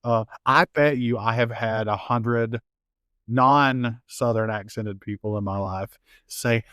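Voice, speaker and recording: Animated Appalachian man telling stories. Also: medium pitch, moderate pace, dry recording, studio quality. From Appalachian United States. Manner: animated storyteller, laughs often, acts out quoted voices. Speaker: author and guest. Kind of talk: casual interview conversation.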